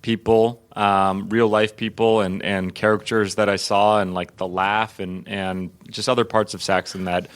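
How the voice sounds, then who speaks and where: A man's voice: fairly low pitch, level tone, measured pace, hardly any pauses, clean tone. A man chatting as an actor guest in an interview, laughing often and talking in loose, restarting sentences. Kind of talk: casual interview chat.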